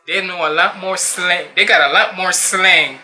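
A young man from Jamaica talks over a track in a reaction video. His voice is sharp and bright, a little high for a man. He rambles in loose slang and slips into island patois. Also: fairly even intonation, moderate pace. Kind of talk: casual reaction commentary.

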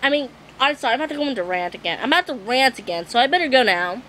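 A woman's voice: high-pitched, lively intonation, racing, sharp tone, slight background noise, low-quality recording. A young woman vlogging a rant, exasperated and swearing, apologizing often and losing her voice. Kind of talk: ranting vlog monologue.

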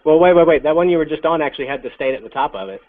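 A man's voice: on the high side, expressive, very fast. Man, Southern US accent, wry casual chat, tinny phone-like audio. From American South. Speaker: guest motovlogger.

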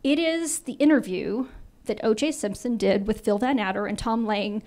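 A woman in her fifties giving a storytelling talk to an audience, animated and acting out dialogue as she goes. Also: medium pitch, moderate pace. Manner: animated, acts out quoted dialogue. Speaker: invited speaker.

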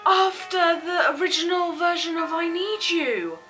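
A woman chatting casually and gushing excitedly as she reacts to a video at home. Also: very high voice, unhurried, faint music behind, low-quality recording. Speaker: reaction vlogger.

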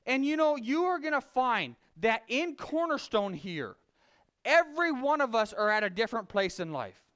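A man preaching a conversational sermon, telling a folksy story with frequent restarts and swinging between loud emphasis and quiet confession. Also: very high-pitched, big pitch swings, normal speed, clean tone. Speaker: lay preacher.

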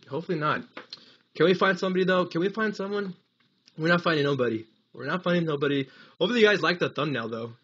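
A man's voice: on the high side, a bit bright, breathy edge. Een hese jonge Amerikaanse man die ontspannen en wat warrig praat tijdens een livestream van een game, vaak lachend terwijl hij de chat voorleest. Het geluid klinkt dof en lo-fi, als van een eenvoudige streammicrofoon. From United States. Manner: rambling, laughs often, reads chat aloud. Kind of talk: casual live gaming stream chat.

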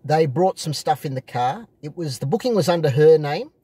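A man's voice: a little high, animated, moderate pace, warm tone, breathy edge, dry recording. A man talking casually to his viewers from inside his parked car, rambling and repeating himself with many fillers. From Australia. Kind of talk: casual vlog monologue.

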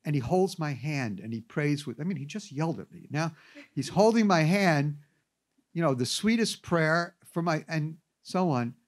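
A man's voice: a little high, normal speed. A man giving an anecdotal classroom lecture, telling stories with wry asides. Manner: animated storyteller with wry asides.

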